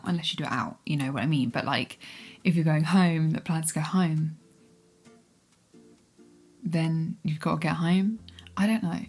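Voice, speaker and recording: A woman's voice: low-pitched, darkish tone, breathy edge. A young woman reading and chatting in a vlog, rambling and giggly, sometimes dropping to a whisper. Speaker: book vlogger. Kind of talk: casual reading vlog chat. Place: cosy room at home with rain and fireplace sounds.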